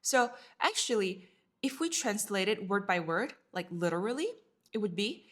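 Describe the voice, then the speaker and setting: A woman's voice: medium pitch, sing-song, fairly bright tone. A woman teaching an online Chinese lesson, patiently repeating each word and explaining it in English. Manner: patient, repeats words slowly with English glosses.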